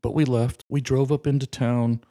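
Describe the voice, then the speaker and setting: A man's voice: mid-range voice, flat delivery, moderate pace, mellow. Earnest man telling a ministry story. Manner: earnest, heartfelt narration. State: emotional, voice breaking. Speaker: street ministry outreach leader. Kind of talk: testimony storytelling.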